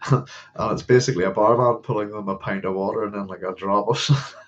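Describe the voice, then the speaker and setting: A man's voice: fairly low pitch, steady tone, moderate pace, very noisy. A man hosting a live science fiction Q&A, chatting casually and rambling, with many fillers and restarts and frequent chuckles. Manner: chuckles often. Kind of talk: casual livestream chat answering viewer questions. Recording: dull lo-fi sound.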